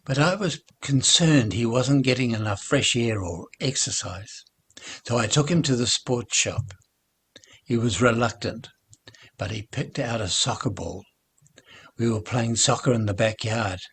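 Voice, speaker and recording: A grieving old grandfather in a children's storybook, voiced by a male reader. His voice is very husky and breathy, and he speaks haltingly, stumbling over his words. The pitch sits in a middle range for a man. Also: a bit bright. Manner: halting, stammering, subdued. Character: grieving older grandfather, once grumpy.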